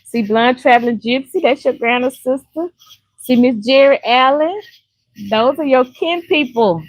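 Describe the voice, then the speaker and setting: A woman's voice: high voice, measured pace, dry recording, rough recording. An older woman from Louisiana, chatting casually and laughing often with viewers on a live stream. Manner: chatty, laughs often, warm folksy talk.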